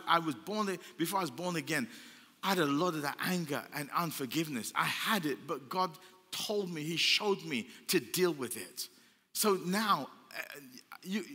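Older male pastor, emphatic sermon delivery, slightly high voice, long hall echo. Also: bright, forceful tone, breathy edge. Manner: emphatic, repetitive preaching with rhetorical questions. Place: church hall. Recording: long church hall reverb.

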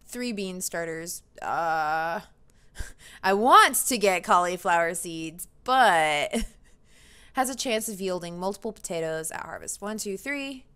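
A young woman with a lowish, clean voice and a slow pace hosts a casual gaming channel. She commentates her play excitably, often squealing and giggling.

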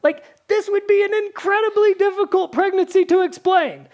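Woman preacher, high-pitched, casual and chatty, lots of fillers. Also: moderate pace, a little mellow. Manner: chatty, full of "like", acts out Bible characters. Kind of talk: casual sermon.

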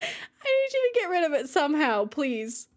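A woman's voice: high voice, sing-song, normal speed. A young woman streaming a life-sim game who keeps exclaiming and breaking into helpless laughter as she greets chat. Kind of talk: live gaming stream chat.

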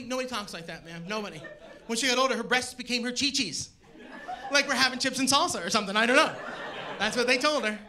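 A man doing a stand-up comedy set on stage, animated and shouting his punchlines. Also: very high-pitched, slight background noise. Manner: animated, loud punchlines to a laughing crowd. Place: comedy stage before a live audience. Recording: live show with loud crowd laughter.

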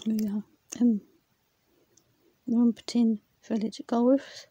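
A woman slowly reading words from her exercise book, repeating them, stumbling and laughing at her own attempts. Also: on the high side, fairly even intonation, dark tone, breathy edge, no echo. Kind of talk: slow read-aloud vocabulary practice.

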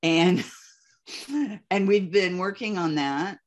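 Older female host, deep-ish voice, warm candid chat over a video call. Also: takes it slowly. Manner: emotional, laughs often, animated retelling. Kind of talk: casual interview chat.

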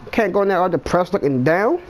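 A man's voice: sits high, lively intonation, fast talker, a little hiss or hum, low-quality recording. A man chatting casually with a friend during an online game, profane and slangy, trading banter and blunt advice. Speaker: gamer in voice chat. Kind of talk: casual gaming chat.

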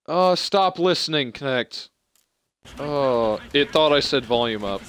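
A young man giving live commentary on a video game he is playing, excitable and swearing as he reacts out loud. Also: mid-range voice, unhurried, a little hiss or hum. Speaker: gameplay streamer. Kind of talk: live let's-play commentary.

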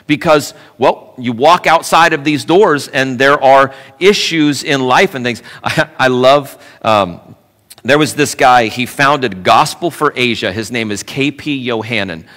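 A male pastor preaching in a church sanctuary, his voice bright and forceful. He talks in an animated, conversational way and drops in playful asides. The sound rings with the long reverb of a large hall. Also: medium pitch, unhurried. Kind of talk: sermon.

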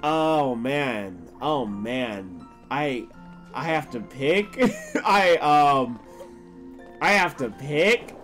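A man streaming a video game live, reacting loudly and crudely and talking back to the characters on screen. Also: mid-range voice, expressive, drawn-out words, soft background music. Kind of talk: live gameplay commentary.

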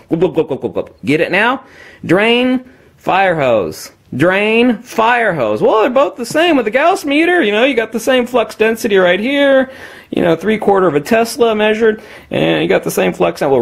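Animated man demonstrating magnets. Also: high voice, gravelly. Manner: animated and emphatic, addresses viewers as kiddies. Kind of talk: unscripted demonstration talk.

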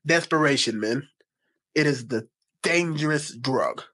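A man's voice: medium pitch, unhurried, sharp tone. A young man giving mocking, preachy commentary while reacting to text messages. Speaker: commentary host.

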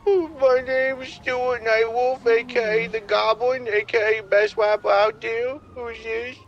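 A man in GTA roleplay with a high stoner drawl, cussing and calling everyone dude. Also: steady tone, measured pace, lo-fi sound, slight background noise. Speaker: roleplay character on a phone call.

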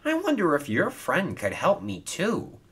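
A man's voice: high-pitched, huge pitch swings, a little slow, vocal fry, fairly bright tone, breathy edge, voice pushed up, exaggerated voice. A man doing a cheeky, sly steam engine. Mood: chirpy.

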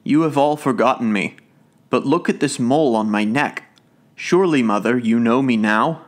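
A man's voice: mid-range voice, moderate pace, lightly acted. A man voicing a distressed young lady who pleads with her parents to know her, in a lifted, tearful tone. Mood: pleading.

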